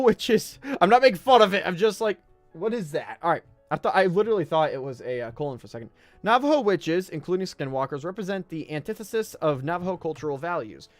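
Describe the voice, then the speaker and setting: A man's voice: on the high side, dry recording. A young man from the United States hosting a casual live-stream podcast, reading aloud, stumbling over words and joking in side remarks. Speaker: podcast host.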